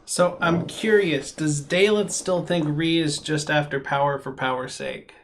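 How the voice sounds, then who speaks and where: A man narrating as game master, halting and repeating words as he describes the scene. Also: on the high side, steady tone.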